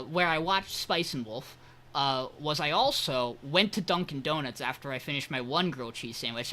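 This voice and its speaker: A man co-hosting a podcast, telling a long anecdote in casual chat, laughing and swearing as he goes. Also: a little high. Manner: animated storyteller, laughs and swears often. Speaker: podcast co-host.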